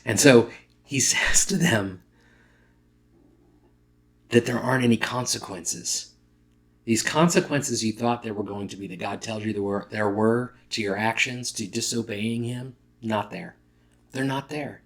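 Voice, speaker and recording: Male pastor, lowish voice, conversational sermon delivery, self-corrects mid-word. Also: fairly even intonation, unhurried, creaky, long pauses, fairly bright tone.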